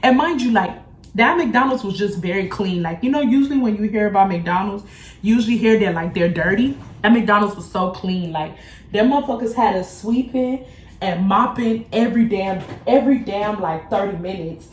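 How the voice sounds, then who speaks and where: A woman's voice: mid-range voice, normal speed. Blunt, profane young woman in echoey room. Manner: blunt, profane, animated storytelling. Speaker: beauty vlogger. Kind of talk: casual storytime vlog.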